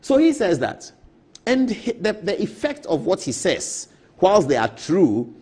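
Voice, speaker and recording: A man's voice: high voice, huge pitch swings, measured pace, a little mellow, husky. A man with a Ghanaian English accent giving emphatic political commentary in a TV studio, repeating his key points and slipping into storytelling asides.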